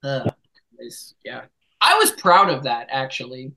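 Podcast host, male, bright edgy tone, boisterous and profane, laptop mic. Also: mid-range voice, very animated, unhurried, creaky, rough recording. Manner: loud, joking, swears a lot. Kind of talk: casual chat.

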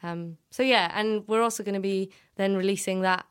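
A woman's voice: mid-range voice, fairly even intonation, normal speed, smooth. A young woman from the UK hosting a casual radio chat and interview, talking with plenty of fillers and giggles, recorded at home under a blanket. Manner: chatty, giggly, lots of fillers. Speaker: radio show host.

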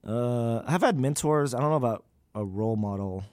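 A man's voice: medium pitch, lively intonation, normal speed, dark tone, dry recording, studio quality. A young man, a graduate student, talking candidly in an interview, with many fillers and loose, rambling sentences. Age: young adult.

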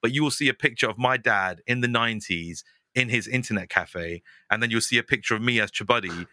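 A young man, chatting casually as a podcast guest, animated and quick, often laughing. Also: medium pitch, no room sound. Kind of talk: casual chat.

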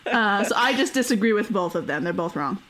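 A woman's voice: medium pitch, expressive, brisk, a bit bright. A woman hosting a casual history podcast. She is chatty, uses many fillers and laughs often. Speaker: podcast host.

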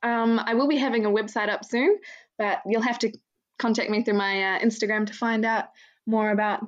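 A woman's voice: a little high, fairly even intonation, a little fast, dull audio. A woman guest chatting casually in a podcast interview, laughing often in an easygoing way.

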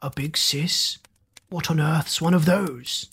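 A storybook narrator voicing a hungry monster in a low, slow, coaxing tone. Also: fairly even intonation, creaky, a bit bright, breathy edge, full character voice.

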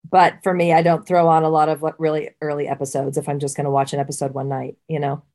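A woman's voice: sits low, level tone, fast talker, a little mellow. A woman co-hosting a casual podcast chat, talking freely and often restarting her sentences. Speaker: podcast co-host. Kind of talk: casual chat and trivia quizzing.

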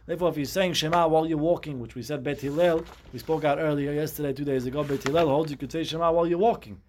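A man's voice: on the high side, steady tone, fast, darkish tone, slight background noise. A man teaching a Talmud class, explaining step by step and mixing Hebrew terms into his English.

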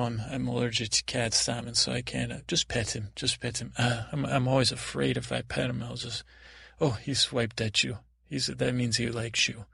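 A man hosting a podcast, acting out an improvised sleepy role-play story in a rambling, halting way, full of stammered restarts. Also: mid-range voice, creaky, fairly bright tone, slightly rough, no echo, studio quality. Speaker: podcast host.

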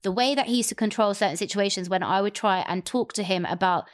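A young woman telling a personal story candidly in a casual chat. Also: medium pitch. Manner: candid, rapid, expressive storytelling. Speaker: guest sharing a personal story.

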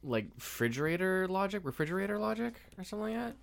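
A man's voice: high voice, big pitch swings, fast, creaky. A man co-hosting a podcast, chatting casually about movies in a playful way and laughing easily. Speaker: podcast co-host.

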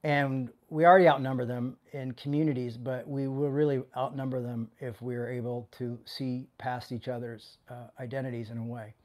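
A man's voice: mid-range voice, little pitch movement, moderate pace, few pauses, a little mellow. A man with a mid-range voice delivers a loose, conversational sermon as a pastor. He speaks with passion, building intensity as he goes. He often restarts his sentences and stumbles over words along the way.

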